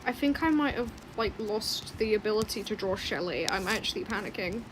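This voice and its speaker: A young woman artist chatting casually while she draws, rambling and often muttering quietly to herself. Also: mid-range voice, lively intonation, a little fast, noisy background. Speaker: artist streaming her drawing.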